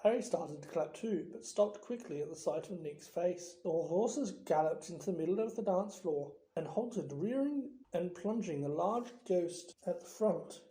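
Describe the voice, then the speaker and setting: A reader narrating an audiobook in a slow, expressive storytelling manner. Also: medium pitch, echoey room, rough recording.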